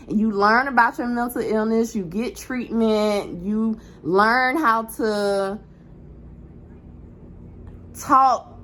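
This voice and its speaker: A young woman vlogging straight to camera in a chatty, candid way, frank and unpolished. Her voice sits at a middle pitch. A faint hiss of background noise runs under the recording. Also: fairly bright tone, poor audio. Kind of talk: casual direct-to-camera vlog.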